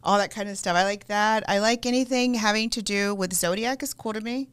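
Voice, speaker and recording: Smooth-voiced middle-aged woman, gentle. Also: mid-range voice, brisk. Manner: gentle, reassuring, affirming. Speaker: psychic card reader and co-host. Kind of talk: casual podcast chat.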